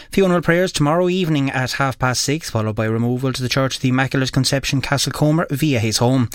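An Irish man on local radio, reading death notices in a measured, formal way. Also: medium pitch, no echo, clean studio sound. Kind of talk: read announcements.

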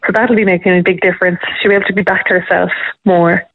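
A woman's voice: lowish voice, fairly even intonation, fast talker, no echo. A woman on a phone call about her daughter's progress, talking with many "you know"s. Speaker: caller, mother. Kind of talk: phone interview. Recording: tinny phone line.

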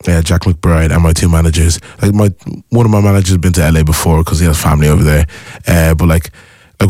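A man's voice: sits low, fast talker, dry recording, studio quality. A young man, a musician guest, chatting in an interview and eagerly acting out his own reactions as he tells stories. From Ireland. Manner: excitable storyteller, acts out his own reactions. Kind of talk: casual interview chat.

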